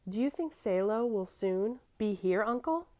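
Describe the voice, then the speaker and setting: An eager, affectionate little girl speaks up, as a woman reads her. Her voice is lifted well above the reader's own low pitch. The tone is bright and fond. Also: animated, a little slow, close to an everyday voice.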